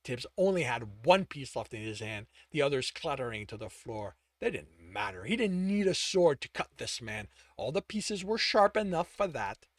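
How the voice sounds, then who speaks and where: A man's voice: mid-range voice, sing-song, moderate pace, few pauses, no echo, studio quality. A man reading his own novel aloud, who stumbles now and then and corrects his own slips.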